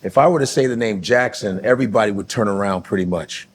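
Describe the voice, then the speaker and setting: A man from the United States, a comedian co-hosting the show, telling stories in a lively way and acting out other people's voices. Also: lowish voice, fast talker, a little hiss or hum. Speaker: co-host and comedian. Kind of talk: animated comic storytelling.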